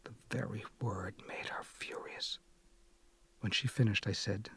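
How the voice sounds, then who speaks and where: A man reads a literary novel in a wry, self-mocking, confessional voice. His tone is husky and slightly breathy. The studio sound is dry and close to the mic. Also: on the low side, steady tone, a little slow, sharp tone, dry recording, whispered. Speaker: audiobook reader. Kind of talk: literary audiobook narration.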